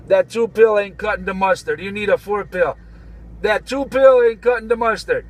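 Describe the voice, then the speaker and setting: A man's voice: high voice, normal speed, poor audio. A man in a vehicle bantering on CB radio, teasing other drivers and repeating his catchphrases. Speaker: trucker on CB radio.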